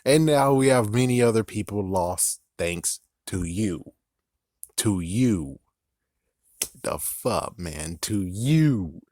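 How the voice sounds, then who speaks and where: A man's voice: lowish voice, expressive, slow, a little mellow, no room sound, studio quality. A man giving a loose, rambling episode recap, swearing often and breaking into laughs. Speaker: channel host recapping an episode. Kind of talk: casual recap vlog.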